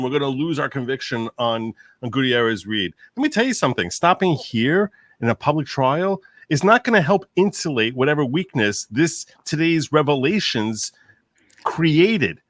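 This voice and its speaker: A man on a live legal commentary stream who talks excitedly, repeats himself and reads chat comments aloud. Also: fairly high pitch, no echo. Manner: excitable, repeats himself, quickly concedes points. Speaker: lawyer streamer reading chat.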